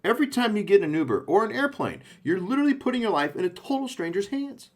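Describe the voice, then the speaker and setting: With a high, sing-song voice and fast delivery, a man gives a sales training talk to his team. He coaches in punchy bursts and keeps asking "okay?" to check in with listeners.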